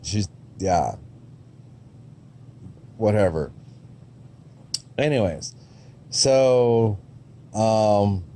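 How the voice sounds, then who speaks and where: A man's voice: fairly low pitch, lively intonation, very slow, pauses often, warm tone. A man giving a casual, rambling review of movie trailers, with frequent ums and restarts and a blunt, sometimes profane way of talking.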